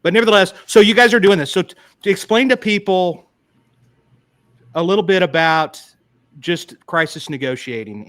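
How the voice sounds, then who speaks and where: Male detective host, casual and halting, stops and restarts his sentences; dry, close recording. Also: sits high, a bit bright, dry recording. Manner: halting, frequent restarts while recounting. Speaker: podcast host, police detective. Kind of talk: casual interview conversation.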